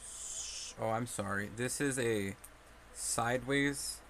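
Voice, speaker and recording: On a casual live stream, a young man sorts through trading cards while anxiously mumbling to himself. His medium-pitched voice is slow and a bit bright, with a little hiss or hum in the audio.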